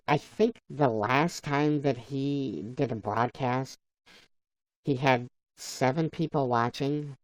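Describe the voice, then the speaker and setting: A man's voice: medium pitch, a little mellow, no room sound, low-quality recording. A man on a live stream, chatting casually, laughing often and reading viewers' comments aloud. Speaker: livestreamer.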